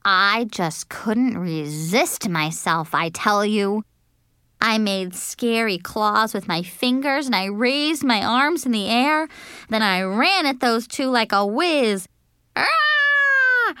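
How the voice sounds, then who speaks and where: A lively woman reading a children's book. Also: mid-range voice, slow, clear, resonant tone, dry recording, studio quality. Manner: animated, childlike first-person telling. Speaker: audiobook narrator. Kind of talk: expressive storybook narration.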